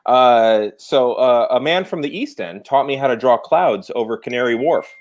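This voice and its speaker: A man telling pun jokes as a contestant on a video call, building up a calm setup before the punchline. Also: mid-range voice, moderate pace.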